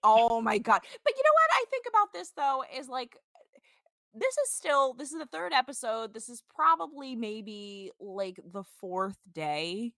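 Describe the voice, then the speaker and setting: A woman's voice: fairly high pitch, big pitch swings, unhurried, sharp tone, dry recording. A young woman hosting a podcast, chatting animatedly and casually with many filler words as she recaps a show. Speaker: podcast host.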